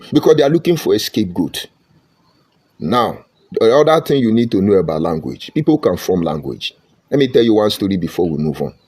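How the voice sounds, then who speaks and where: A man's voice: on the low side, a little mellow, husky. A man with a Nigerian accent giving an impassioned, preachy monologue, repeating his points with emphasis. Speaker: online commentator.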